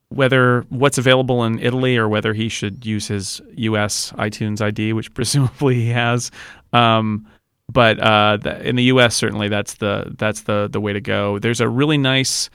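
A man's voice: mid-range voice, fairly bright tone, clean tone, no room sound, studio quality. A man guesting on a podcast, chatting casually and rambling with restarts. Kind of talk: casual chat.

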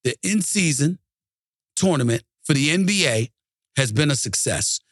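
A man's voice: on the high side, lively intonation, moderate pace, fairly bright tone, breathy edge, no echo, clean studio sound. A man hosting a sports talk show, ranting emphatically and repeating lines for punch. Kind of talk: ranting sports commentary monologue.

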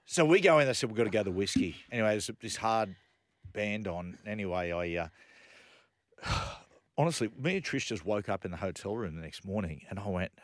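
Animated man telling stories. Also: fairly low pitch, a little fast, no room sound. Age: middle-aged. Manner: animated storyteller, laughs through his anecdotes. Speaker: radio host. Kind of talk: casual radio chat.

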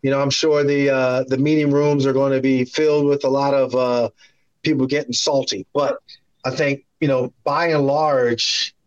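A man on a remote call chatting casually as a guest analyst, animated and acting out his own reactions. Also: mid-range voice, clean tone, lo-fi sound. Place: standing at a TV studio.

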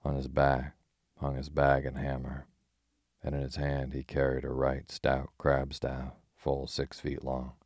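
Very deep, flat male storyteller. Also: measured pace, no room sound, clean studio sound. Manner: calm, even reading of old-fashioned prose. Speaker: sleep story narrator. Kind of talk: slow bedtime storytelling.

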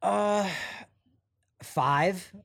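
A man's voice: high voice, extremely slow, creaky, no room sound, studio quality. A man co-hosting a podcast, chatting casually and rambling with fillers. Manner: relaxed, rambling, many fillers. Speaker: podcast co-host. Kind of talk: casual sports chat.

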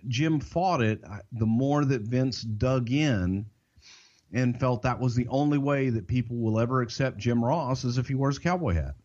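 An older man with a Southern American accent, co-hosting a podcast and telling behind-the-scenes stories in a folksy, drawn-out way. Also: medium pitch, darkish tone, highs cut off. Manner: folksy, drawn-out, swears casually. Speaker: podcast co-host. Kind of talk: casual storytelling.

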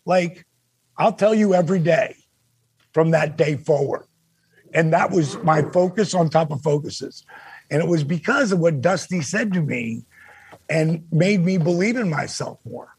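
An older man, a former wrestler, telling stories as a guest on a casual podcast. He is animated and swears freely. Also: on the high side, measured pace, breathy edge. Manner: animated, swears freely, acts out quoted dialogue.

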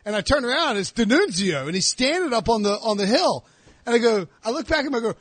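A man hosting a podcast, telling a story in casual chat and acting out the shouted lines. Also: extremely high pitch, quick pace, no room sound. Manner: animated storyteller, acts out shouted quotes. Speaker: podcast host.

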